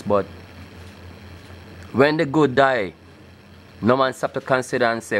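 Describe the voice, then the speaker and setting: Male video blogger, mid-range pitch, fervent sermon-style rant, keeps asking "okay?". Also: unhurried, long pauses, slight background noise. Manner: emphatic and insistent, often repeats himself with "okay?"; breaks into rising, scripture-like declamation. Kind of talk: preaching monologue to camera.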